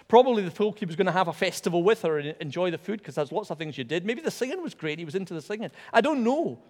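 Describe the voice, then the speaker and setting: A man preaching a sermon in a church, animated and emphatic, repeating words for stress. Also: a little high. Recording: long hall reverb.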